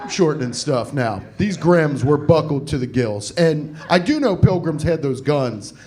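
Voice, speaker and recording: A man's voice: a little high, expressive, a little slow, a crowd in the background. A young man in his twenties doing rambling, absurd, self-deprecating stand-up on a comedy club stage. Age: 20s. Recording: live club with audience laughter. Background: audience laughter.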